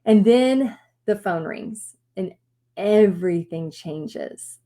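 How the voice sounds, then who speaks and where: A woman telling a personal story to an audience in a lively way, acting out what people said. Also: mid-range voice, slow. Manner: animated storytelling with acted-out quotes. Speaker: paint party business teacher.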